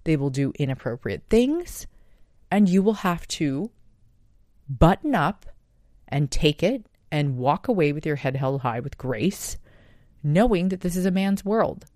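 Low-voiced, earnest woman host. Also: animated, a little slow, mellow, no echo, clean studio sound. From United States. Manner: earnest and emphatic, swearing at times. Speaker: podcast host. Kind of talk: impassioned monologue.

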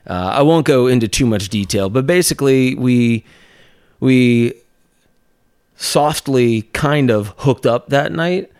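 A young man, a documentary maker on a speaking tour, tells a personal story as a podcast guest, with lively laughs and filler words. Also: mid-range voice, slow, clear, resonant tone, no echo, clean studio sound. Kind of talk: casual storytelling in an interview.

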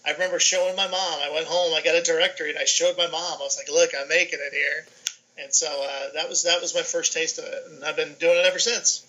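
A middle-aged man from New York, a guest on a video call, telling lively stories and acting out the dialogue in them. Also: fairly high pitch, fast, few pauses, lo-fi sound. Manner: animated, acts out dialogue in his anecdotes. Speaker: guest, sports information director. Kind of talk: casual storytelling on a podcast.

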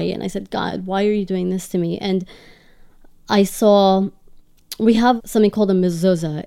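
A woman's voice: mid-range voice, warm tone, smooth. Earnest woman recounting a hard time. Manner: earnest and emotional. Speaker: interview guest. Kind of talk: personal storytelling.

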